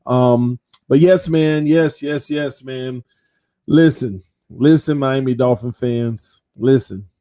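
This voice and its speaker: A man's voice: mid-range voice, slow, mellow. A man hosting his own football fan channel, talking casually and animatedly, repeating phrases for emphasis. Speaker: sports channel host.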